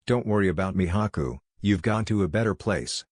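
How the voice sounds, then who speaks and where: A man reading as a gruff rogue swordsman. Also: low-pitched, lively intonation, brisk, a little mellow, dry recording, studio quality. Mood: mournful. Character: hardened adult male rogue swordsman, proud.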